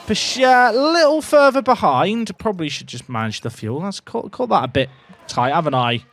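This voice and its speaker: A young man giving excitable, jokey commentary while playing a racing game, talking to his chat and shouting at his drivers. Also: sits high, normal speed, soft background music. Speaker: gaming video creator. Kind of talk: casual gameplay commentary.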